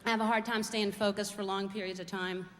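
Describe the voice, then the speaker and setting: A middle-aged comedian's medium-pitched, slightly bright voice moves briskly with little pitch variation as she rambles through everyday tales, poking fun at herself and making observations. She's on a large theater stage before a live audience, in a reverberant hall with crowd and background noise.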